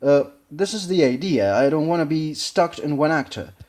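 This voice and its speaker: A man with a Spanish accent, a native Spanish speaker, casually analyzing a film scene, halting and searching for words. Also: fairly high pitch, a little mellow. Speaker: acting learner.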